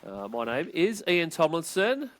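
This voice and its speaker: A man's voice: on the high side, wildly swooping pitch, unhurried, fairly bright tone. Joking Australian man hosting a podcast. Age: adult. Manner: joking, laughs easily at his own cracks. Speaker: podcast host. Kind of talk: casual sports chat. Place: his garage.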